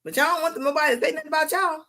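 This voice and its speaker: A woman's voice: high-pitched, sharp tone. A woman hosting a livestream, giving mocking reaction commentary with frequent laughter. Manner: laughing mocking banter, drawn-out asides. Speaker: host.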